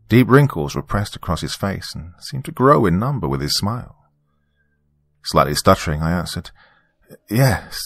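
Man, very low pitch, gravelly fry, dry close sound, first-person horror narration. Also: no echo. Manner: measured, descriptive, ominous. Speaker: storyteller.

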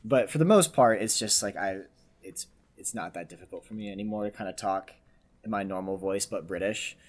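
A man's voice: fairly low pitch, fairly quick. Rambling casual man. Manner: rambling, many "like" fillers, trailing off. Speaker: tabletop game podcast player. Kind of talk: casual chat.

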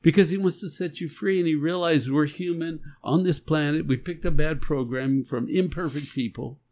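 A man's voice: fairly high pitch, normal speed, a little mellow. A man co-hosting a faith podcast, talking earnestly and emphatically in a casual conversation. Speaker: podcast co-host.

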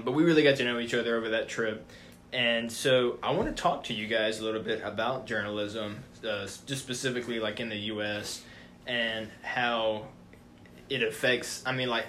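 This young man hosts in an easy, chatty way and rambles through his points with plenty of fillers. His pitch sits mid-range for a man. A faint hiss runs under the recording. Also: sharp tone. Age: young adult. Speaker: podcast co-host. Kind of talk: casual podcast chat.

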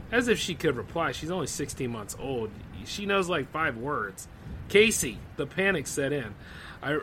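Male podcast host, a bit high-pitched, reads horror tales and riffs between them in a loose, laid-back way. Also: fairly bright tone, slight background noise, rough recording. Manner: loose, conversational asides full of 'like' and 'man'. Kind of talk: reading horror stories aloud with casual commentary.

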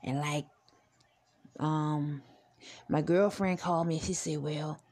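A podcast host with a low, fairly even voice speaks slowly in a darkish tone, addressing her listeners directly in a casual monologue. She's blunt, outspoken, and rambling, and she swears freely.

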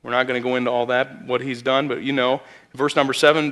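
Fast and a bit bright, with a mid-range voice and flat delivery, a Midwestern American youth pastor preaches in the church sanctuary. His storytelling stays conversational until sudden emphatic rises break through.

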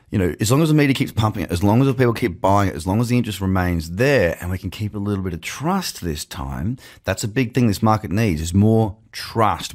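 A man with an Australian accent hosting a casual, chatty market commentary podcast from his office, with playful asides. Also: fairly low pitch. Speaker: podcast host. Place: home office. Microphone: webcam setup.

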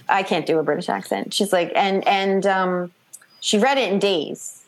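A woman author talking casually in an interview, chatty and animated, acting out quoted voices as she tells her story. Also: on the low side, moderate pace. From New York / New Jersey. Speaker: author guest.

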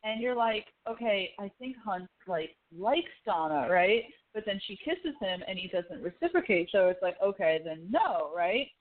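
A woman co-hosting a casual chat about a TV show, excitable and swearing as she retells scenes. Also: mid-range voice, moderate pace, few pauses. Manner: excitable, swearing, laughing asides. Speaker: podcast co-host. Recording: tinny phone-like line.

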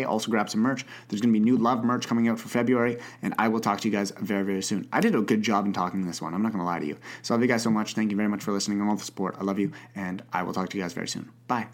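A young man hosting an advice podcast, talking casually and stammering through frequent restarts. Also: on the low side. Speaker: podcast host.

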